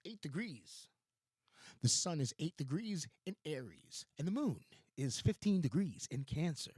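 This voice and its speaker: A man's voice: on the high side, sing-song, a little slow, a little mellow, husky, dry recording. A man with a Los Angeles accent hosting a rambling solo talk show at his home computer, meandering, interrupting himself, swearing casually and laughing often. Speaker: podcast host.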